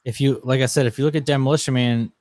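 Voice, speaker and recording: A man's voice: medium pitch, steady tone, fast, darkish tone, no room sound. A man co-hosting a casual podcast chat, joking and teasing his friends. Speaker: podcast co-host.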